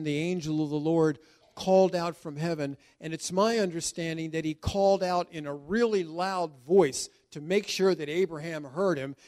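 A male pastor preaching a sermon emphatically, with dramatic pauses and stretched words. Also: a little high, darkish tone.

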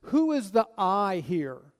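A man's voice: high-pitched, big pitch swings, slow, long reverb tail. A man preaching an expository sermon, emphatic and full of rhetorical questions he answers himself.

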